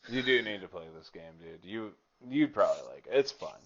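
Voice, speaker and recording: Rambling, profane young podcast host. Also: male voice, fairly low pitch, sing-song, brisk, lo-fi sound. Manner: rambling and profane, with filler words. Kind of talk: casual chat about a video game.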